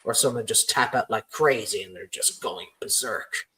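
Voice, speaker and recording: A man's voice: lowish voice, moderate pace, pushed and bright, poor audio. A man hosting a casual podcast, rambling through his ideas with many "you know" fillers. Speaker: podcast host.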